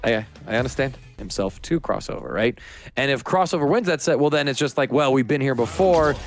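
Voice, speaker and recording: A man's voice: medium pitch, animated, a little fast, soft background music. A man co-commentating a fighting-game tournament, breaking down plays in a chatty, analytical way. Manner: analytical, chatty, laughs easily. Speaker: esports co-commentator.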